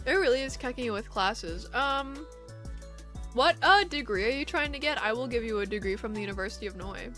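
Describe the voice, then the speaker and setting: Young female streamer, chatty and animated, high with wide swings in pitch. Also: a little fast, soft background music. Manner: animated and rambling, with frequent laughter. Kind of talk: casual chat with viewers.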